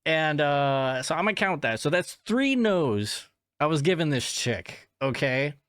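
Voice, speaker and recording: A man's voice: a little high, very animated, a little slow, fairly bright tone, smooth, no echo, clean studio sound. A man hosting a podcast, telling a story in a casual, rambling way, swearing often and laughing at himself. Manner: rambling and profane, with frequent restarts and filler; self-deprecating, laughing at himself. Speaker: podcast host.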